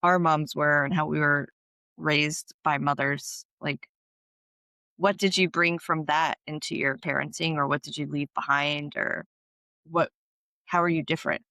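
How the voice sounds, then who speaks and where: Bright-voiced woman musing on parenting. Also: low voice, steady tone, a little slow, no echo. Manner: thoughtful, filler-heavy, posing open questions. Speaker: podcast co-host. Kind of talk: reflective conversational chat.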